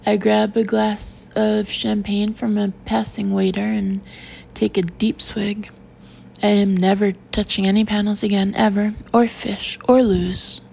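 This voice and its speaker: Woman audiobook narrator, first person, wry, gravelly, lo-fi. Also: medium pitch, little pitch movement, unhurried, a little mellow, slight background noise.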